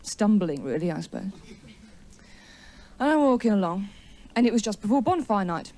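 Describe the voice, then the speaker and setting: Wry, lively-voiced woman doing stand-up. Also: mid-range voice, normal speed. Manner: chatty, wry self-mocking storytelling; teasing crowd work. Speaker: stand-up comedian. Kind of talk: stand-up routine. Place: TV studio before a live audience.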